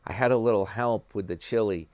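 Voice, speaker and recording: A man's voice: fairly low pitch, a little fast, a little mellow, no echo. A man with a New York accent chatting casually to his viewers, rambling from one thing to the next and calling them "guys" and "man". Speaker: YouTube commentary vlogger.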